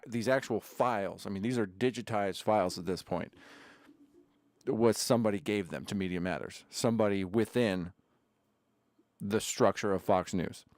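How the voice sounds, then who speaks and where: A man's voice: lowish voice, darkish tone, no room sound. A man hosting a casual livestream from his home studio, chatting in a rambling way with sarcastic asides between sips of beer. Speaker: livestream host. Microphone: desk camera setup.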